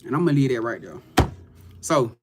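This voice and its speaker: A man's voice: medium pitch, big pitch swings, a little fast, very noisy. A man giving a loose, profane, hyped-up motivational pep talk to his viewers as a livestream host.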